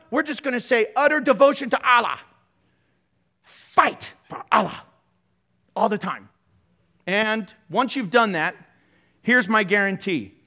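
A man preaching at a church service, his voice high, bright and clear. He swings his pitch around a lot as he teases and jokes through the sermon with sarcastic asides. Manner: joking, sarcastic asides, playful. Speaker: pastor.

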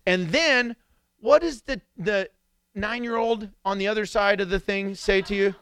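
Male pastor, middle-aged, sermon, lively storyteller, bright, dry sound. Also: high voice, unhurried, smooth, dry recording. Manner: animated storytelling, jumping into shouted impressions.

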